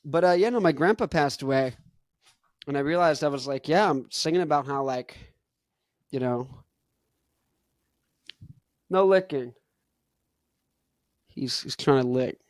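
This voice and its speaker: This mid-range male voice moves at a normal speed, recorded cleanly in a studio with no room sound. He's a young adult podcast host chatting casually, rambling in relaxed slang and laughing softly as he goes.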